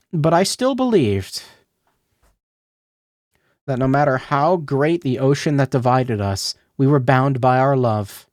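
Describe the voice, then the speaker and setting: A man voicing a gentle young woman who has long waited for her lover, reading in a softened, raised voice. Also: medium pitch, dry recording, studio quality.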